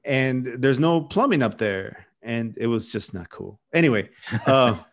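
A man's voice: medium pitch, lively intonation, a little slow. A man hosting a podcast, telling stories in a rambling, chatty way with lots of restarts. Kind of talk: casual chat.

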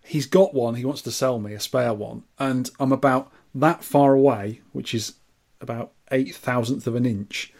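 A man in a mid-pitched voice co-hosting a relaxed podcast. He rambles about his hobbies and teases his co-host in a jokey way. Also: moderate pace, creaky. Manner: chatty, playful, teasing. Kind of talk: casual chat.

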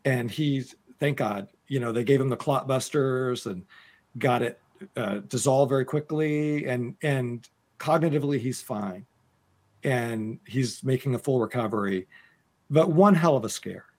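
A man in casual conversation who talks reflectively and grows animated when quoting others. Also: mid-range voice, a little slow. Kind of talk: casual interview chat.

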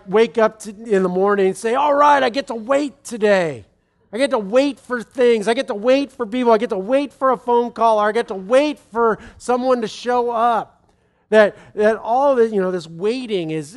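A man in his thirties preaching in a relaxed, conversational way, rambling with many restarts and asides. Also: sits high. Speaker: pastor. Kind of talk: conversational sermon.

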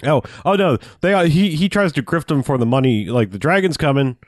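A man's voice: a little high, animated, brisk, darkish tone, dry recording, studio quality. A man chatting casually as a podcast co-host, recapping a film in a rambling way and acting out lines in put-on voices. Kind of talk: casual movie recap chat.

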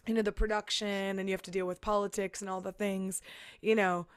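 A woman's voice: mid-range voice, flat delivery, a little fast, smooth, no echo. A woman musician chatting casually, talking through her thoughts with many fillers and restarts. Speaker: musician and podcast guest. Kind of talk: casual chat. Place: San Diego.

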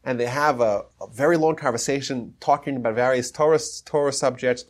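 A male podcast host who teaches history retells an old story as a casual lecture, speaking fairly quickly in a mid-range voice and dropping into the characters' quoted lines.

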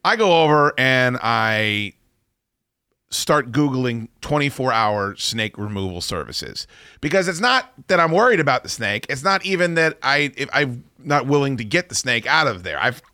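A male talk show host telling a story in a casual, wry, profane way. His pitch swings widely and his tone is bright and forceful. The sound is close and dry. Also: very animated, moderate pace, smooth, no echo.

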